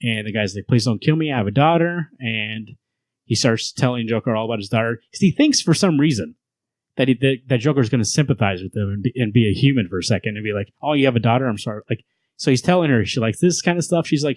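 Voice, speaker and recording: A man's voice: medium pitch, expressive, fast, a little mellow, dry recording. A man hosting a casual comic book podcast, retelling scenes in a rambling way and laughing as he goes. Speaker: podcast host.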